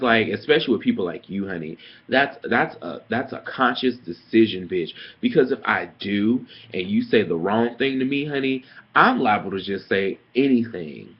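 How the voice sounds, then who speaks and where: A man's voice: medium pitch, breathy edge. A young man telling a story about a petty coworker in a sassy, profane, dramatic rant, like a casual vlog. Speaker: vlogger. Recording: dull lo-fi webcam audio.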